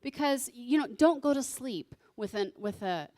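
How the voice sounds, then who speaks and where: A woman's voice: a little high, expressive, normal speed, dark tone. A woman giving a sermon alongside her husband, conversational and teasing as she explains scripture.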